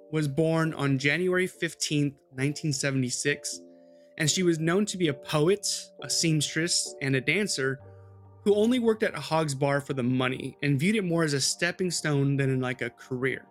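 A man's voice: a little high, normal speed, faint music behind. A man hosting a podcast, telling a true-crime story in a loose, chatty way with swearing and asides to his co-host.

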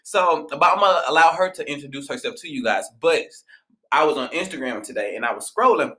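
A male podcast host speaks in a bright, slightly raised voice, bluntly and with plenty of cursing. His storytelling is animated and direct. The room rings with a noticeable echo. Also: fairly high pitch, brisk. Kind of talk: casual podcast monologue.

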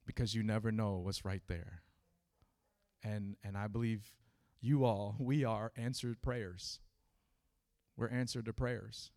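A man with a low, gravelly voice preaches to his congregation. He speaks haltingly with plenty of ums and restarts, then swells into fervent, loud preaching. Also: fairly even intonation. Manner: halting, many fillers, rising to fervent preaching. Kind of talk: sermon.

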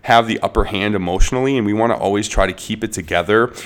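A man in his thirties co-hosts a parenting podcast, talking through why children act out. His voice is fairly low, and he reasons aloud in an easy, conversational way. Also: quick pace, smooth. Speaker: podcast co-host.

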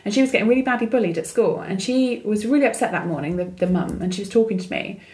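Podcast co-host, woman, middle-aged, lively chatty storyteller. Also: medium pitch, fast talker. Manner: chatty storyteller, acts out quoted dialogue. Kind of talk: casual chat.

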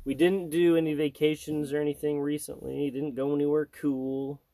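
A man's voice: a little high, flat delivery, moderate pace, warm tone, no room sound. A middle-aged man hosting a casual family podcast with his child, joking and rambling. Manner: joking, rambling, silly asides. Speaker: podcast host and father.

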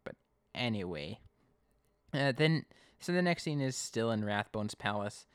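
A man casually recapping an episode as a podcast co-host, chatty and animated. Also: lowish voice, a little slow, smooth, no echo. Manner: chatty, animated storytelling with acted quotes.

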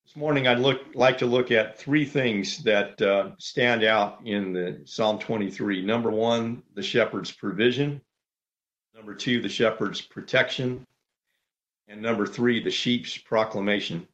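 A man preaching a sermon as pastor, measured and orderly, laying out numbered points. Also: on the low side, a bit bright, muffled recording.

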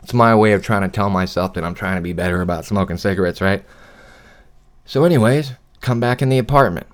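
A man in his thirties hosting a podcast from his apartment studio, telling a long profane story in a heated, animated rant, still getting over a cough. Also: lowish voice, a little fast. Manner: animated ranting, swears a lot. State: recovering from a cough. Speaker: podcast host.

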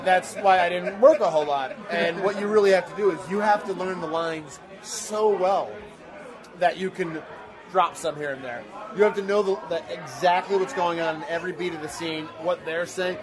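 Animated, rambling man with an audience around. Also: sits high, a little fast, a crowd in the background. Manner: rambling, self-deprecating, animated storyteller. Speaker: guest actor. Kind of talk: casual interview chat.

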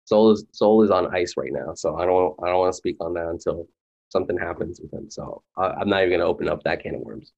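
A man with a very low voice chats on a podcast, earnest and rambling, leaning on fillers as he works through his thoughts. The sound is a bit dull and lo-fi. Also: quick pace, gravelly, a little mellow. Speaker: podcast co-host. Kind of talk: casual chat.

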